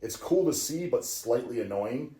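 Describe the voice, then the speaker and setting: A man around forty hosting a casual chat, telling stories in a profane, excitable, ranting way. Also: medium pitch, normal speed. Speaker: podcast host. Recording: roomy echo.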